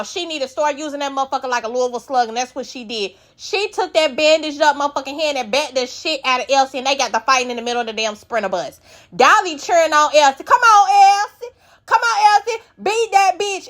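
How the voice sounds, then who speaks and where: A woman's voice: sits high, fairly bright tone. A woman recapping a reality show, blunt, profane and opinionated. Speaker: recap vlogger.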